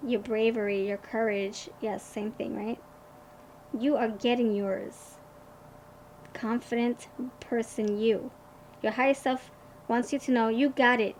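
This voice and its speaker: A woman giving a pick-a-card tarot reading, gushing and excited, tripping over and restarting her words, then slowing to a hushed, soothing tone for advice. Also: on the high side, a little hiss or hum, poor audio.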